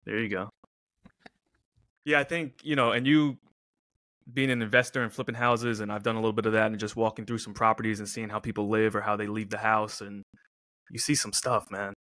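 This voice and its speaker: Bright-voiced man hosting a podcast. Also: on the low side, flat delivery. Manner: joking, chiming in with quick reactions. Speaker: podcast host. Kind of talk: casual chat.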